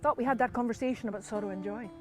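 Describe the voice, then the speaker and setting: A woman doing a calm young Scottish minister. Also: fairly high pitch, racing, soft background music, voice pushed down, natural voice. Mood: dry stern. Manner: calm, lecturing. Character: young male village minister, patient and stern.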